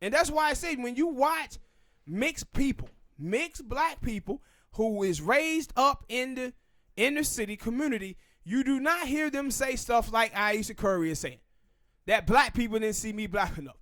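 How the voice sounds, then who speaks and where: Southern male podcast host, high-pitched, opinionated, talks with hard emphasis. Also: expressive, fairly bright tone, no room sound, studio quality. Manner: emphatic, ranting, drawn-out pauses. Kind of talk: opinionated casual commentary.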